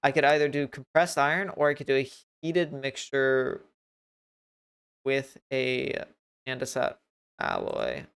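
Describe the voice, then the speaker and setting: A man talks through his game on a livestream, rambling and poking fun at himself as he works things out. His voice has a gravelly, creaky texture, yet it stays smooth and clear on his desk mic. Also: mid-range voice, sing-song, measured pace, a bit bright. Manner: thinks aloud, rambling and self-mocking. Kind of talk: casual gameplay commentary. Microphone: desk mic with noise gate.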